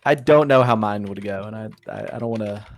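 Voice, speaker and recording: A man's voice: fairly low pitch, brisk, vocal fry. A man from the United States co-hosting a crude comedy podcast, joking and self-mocking, often trailing off and restarting. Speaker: podcast co-host.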